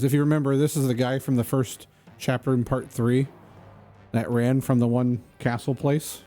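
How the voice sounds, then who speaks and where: A man chats loosely while streaming a game, joking and wandering between tangents. His voice is mellow and unhurried, at an average pitch, and quiet background music runs underneath. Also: level tone. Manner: rambling, joking, easily sidetracked. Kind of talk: casual chat while gaming.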